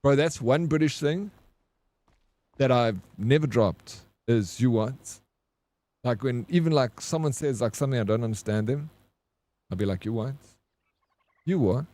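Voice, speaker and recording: A man's voice: medium pitch, lively intonation, normal speed, long pauses, a little mellow, dry recording. A man with a South African accent, chatting casually with his live-stream chat as he plays, greeting viewers by name and swearing freely. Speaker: game streamer.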